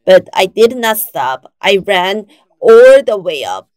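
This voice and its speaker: Woman preacher, forties, emphatic unhurried sermon delivery, mid pitch, dry sound. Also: very animated, darkish tone, no room sound. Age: 40s. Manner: slow, emphatic preaching with rising quoted exclamations.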